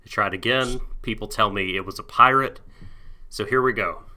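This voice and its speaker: Playful low-voiced man, bright tone. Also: normal speed. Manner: goofy, playful, hesitant with fillers. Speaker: podcast co-host. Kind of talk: casual chat.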